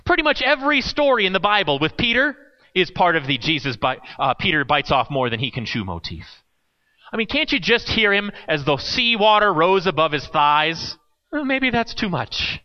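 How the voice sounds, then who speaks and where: A man's voice: fairly high pitch, dull audio. A man preaching a sermon in a conversational way, with playful asides.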